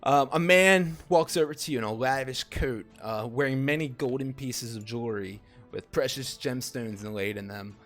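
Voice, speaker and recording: A man's voice: mid-range voice, normal speed, few pauses, a bit bright, soft background music. A man narrating a tabletop fantasy game as game master, with fillers in between.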